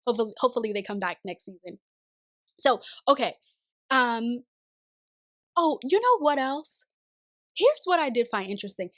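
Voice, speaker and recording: A woman with a fairly high voice chats through a TV series review for her channel. She talks straight to her viewers in a casual, expressive way and laughs often. The sound is close and dry, with no room echo. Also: moderate pace, pauses often. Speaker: TV review vlogger. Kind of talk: casual spoken review to camera.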